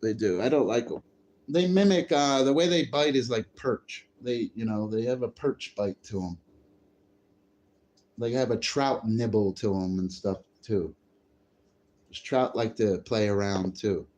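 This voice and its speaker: A man's voice: on the low side, unhurried, darkish tone. A man chatting casually on a livestream, rambling and swearing freely. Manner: profane, rambling, easily frustrated. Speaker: live streamer.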